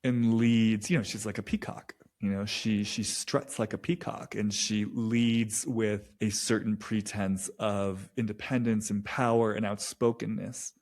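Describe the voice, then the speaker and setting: A man giving a spoken intuitive reading, talking slowly and hesitantly with frequent restarts and soft laughs. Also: fairly low pitch, gravelly. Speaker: intuitive reader.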